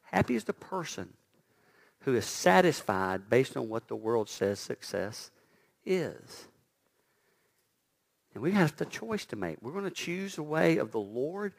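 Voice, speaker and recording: A man preaching a sermon who swings from loud emphatic lines to hushed, near-whispered quotes, and stumbles over repeated words when excited. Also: mid-range voice, a little slow, creaky, pauses often.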